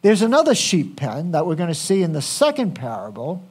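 A man's voice: fairly high pitch, huge pitch swings, fairly quick, a little mellow, husky. A man preaching a sermon, speaking conversationally and asking the congregation questions. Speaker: pastor.

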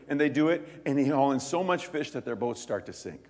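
A man preaching a sermon as pastor, telling stories in an animated way and acting out the quoted lines in quick voices. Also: mid-range voice, long reverb tail.

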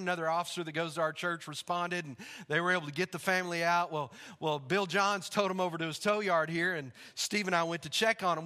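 A male pastor preaching a sermon in a church, telling stories in a relaxed, conversational way. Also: sits high. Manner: conversational storytelling, laughs along. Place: church sanctuary. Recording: reverberant church hall.

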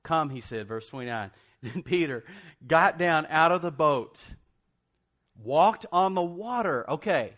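Animated preacher. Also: male voice, on the high side, a little slow. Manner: animated storytelling, laughs often, acts out quotes; folksy, conversational preaching. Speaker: pastor. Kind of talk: sermon.

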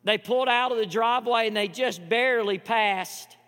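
Guy preaching, goes quiet then loud, big echoey hall w/ a hum behind. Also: high voice, normal speed. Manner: swings from hushed storytelling to loud impassioned preaching. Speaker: pastor. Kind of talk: sermon. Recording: long hall reverb with mains hum.

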